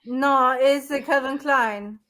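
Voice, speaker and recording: A woman talks as a panelist on a live chat show. Her voice is slightly high, and she speaks in a chatty, insistent way. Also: steady tone, takes it slowly, fairly bright tone.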